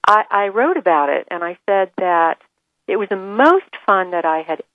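A woman author telling stories as a radio guest, enthusiastic and animated. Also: medium pitch, moderate pace, no room sound, phone-quality sound. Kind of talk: radio interview.

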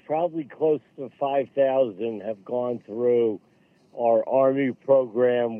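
A man's voice: mid-range voice, no echo. Earnest man on a tinny phone line. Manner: earnest, halting, restarts phrases. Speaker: radio guest, veterans golf program leader. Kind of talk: phone-in radio interview.

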